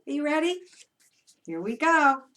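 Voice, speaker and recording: A woman who teaches young children leads a story time with movement, cheering the toddlers on as she goes. Her voice sits fairly high and moves a lot, and she talks slowly. She is heard from some distance from the mic. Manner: animated and encouraging, speaking to toddlers. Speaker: early childhood educator.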